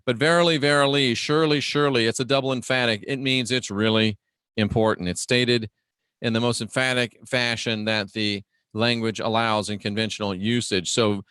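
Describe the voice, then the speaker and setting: A man hosting a livestream teaches scripture conversationally, slowing down and raising his voice to stress key phrases. He greets viewers and mutters to himself while navigating a website. His voice sits low, steady, smooth, and fairly bright, captured in clean studio sound with no room echo.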